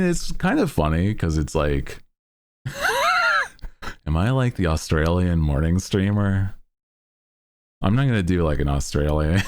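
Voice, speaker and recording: Relaxed male streamer, low voice, slow drawl, chatty and rambling. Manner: laid-back, rambling with many fillers; bursts into loud laughter. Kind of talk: casual chat.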